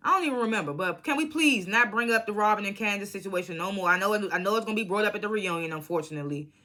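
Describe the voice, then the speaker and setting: Woman vlogger doing a reality show recap, cusses a lot, bright sharp voice. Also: medium pitch, very fast. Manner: blunt, profane, animated storytelling. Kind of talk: casual recap.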